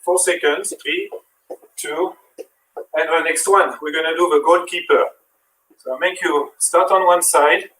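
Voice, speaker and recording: A man with a French accent leads a workout, counting reps and coaching as he moves. His voice sits a little high. It sounds echoey and distant, as if he is far from the mic in a bare room. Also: steady tone, measured pace, pauses often, a bit bright, a little hiss or hum. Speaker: fitness instructor. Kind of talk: live workout demonstration.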